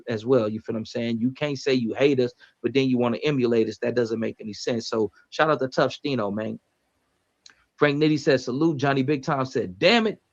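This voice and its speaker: Blunt gravelly man hosting a livestream. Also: mid-range voice, muffled recording. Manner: blunt, profane, reads viewer comments aloud. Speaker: livestream host reading chat comments. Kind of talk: casual livestream commentary.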